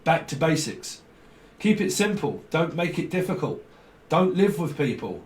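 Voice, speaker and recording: A man's voice: fairly high pitch, very animated, normal speed. A man giving a rambling tarot reading, free-associating, swearing and chuckling as he goes. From near London. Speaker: tarot reader. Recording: roomy sound, mic at a distance.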